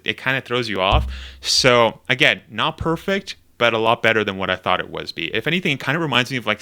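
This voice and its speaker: A man's voice: medium pitch, sharp tone. A man hosting his own video, giving casual reaction commentary while thinking aloud, rambling with lots of fillers. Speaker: YouTube host.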